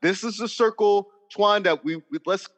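A man's voice: high voice, moderate pace, fairly bright tone, in a large hall. A man hosting a casual chat over a video call, talking with passion and repeating himself for emphasis. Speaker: podcast host.

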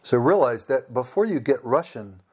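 A middle-aged man, a former missionary, telling stories in an interview in a lively way and acting out the people he quotes. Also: mid-range voice, moderate pace, slightly rough. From United States. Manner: animated, acts out quoted voices. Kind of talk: conversational interview storytelling.

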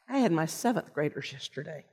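An older woman giving a personal storytelling sermon, earnest, with pauses and restarts. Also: sits low, lively intonation, slightly rough. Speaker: lay preacher and teacher. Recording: long reverb of a large hall.

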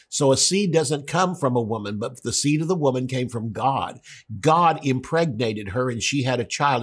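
A man's voice: fairly high pitch, husky. A man preaching a sermon, emphatic, rising and speeding up to stress his points. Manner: emphatic, rises and quickens when stressing a point.

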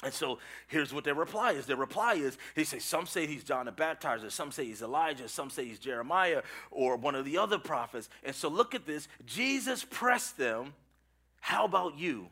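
A middle-aged male pastor preaching a sermon, swinging between loud calls to the congregation and hushed, intense lines, often repeating words. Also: on the high side, expressive, moderate pace, few pauses.

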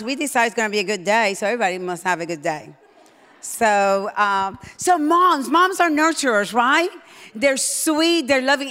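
Bold, excitable woman preaching in a reverberant hall. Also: fairly high pitch. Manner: excitable, bold and emphatic, gets loud. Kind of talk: sermon.

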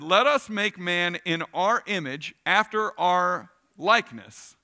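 High, bright-voiced male preacher. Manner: casual, animated preaching with acted-out asides. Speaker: pastor. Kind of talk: sermon.

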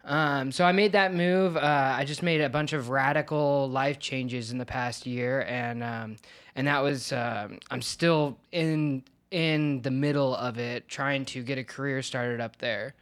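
A man's voice: mid-range voice, steady tone, a little slow, a bit bright. A man in his thirties from Oregon, a podcast guest talking in a candid, reflective and hesitant way. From Oregon, USA. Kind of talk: casual podcast conversation.

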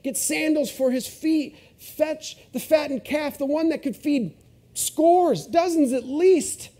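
A man's voice: very high voice, slow, pitched above the performer's own voice. A man doing an overjoyed old father barking orders. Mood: jubilant. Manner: excited, calling out commands.

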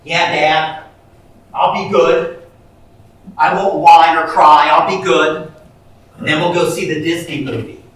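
A man's voice: on the high side, fairly even intonation, a little slow, pauses often, fairly bright tone, voice pushed down. A man voicing an anxious four-year-old boy who pleads and stammers, in a sermon story. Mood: promising. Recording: echoey room from far off.

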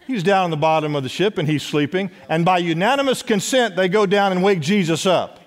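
A man preaching a sermon as pastor, urging his congregation to respond and dropping at times to a hush. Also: high-pitched, brisk. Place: church sanctuary. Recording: long church hall reverb.

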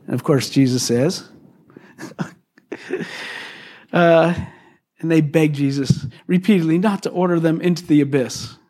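A male pastor preaches to his congregation in an easygoing, conversational manner. His voice sits a little high for a man, and he retells the story with lively, animated asides. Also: takes it slowly, pauses often. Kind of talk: sermon. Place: church service.

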